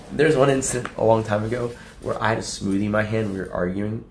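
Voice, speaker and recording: A young adult man streaming casually to his chat, profane and rambling, laughing often and acting out quotes in a high mocking voice. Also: a little fast, gravelly, echoey room, slight background noise. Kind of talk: casual livestream talk to chat.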